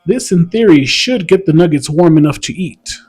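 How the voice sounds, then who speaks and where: A man's voice: a little high, lively intonation, normal speed, darkish tone, breathy edge. A man hosting a product review vlog, talking in an upbeat, explanatory way. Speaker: host.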